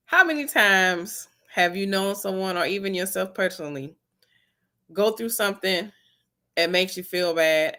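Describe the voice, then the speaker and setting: A woman talks slowly and earnestly to her viewers, offering encouraging advice. Her voice is bright and a little forceful, and she comes back to the same simple phrases again and again. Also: on the low side. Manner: slow, earnest, repeats key phrases. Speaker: wellness vlogger giving advice. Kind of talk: casual encouraging talk to viewers.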